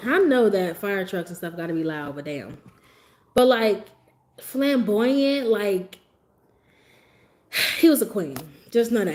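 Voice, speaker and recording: A woman livestreamer telling stories in a sassy, animated way and laughing often as she talks. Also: mid-range voice, slow, long pauses, slight background noise. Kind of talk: casual livestream storytelling.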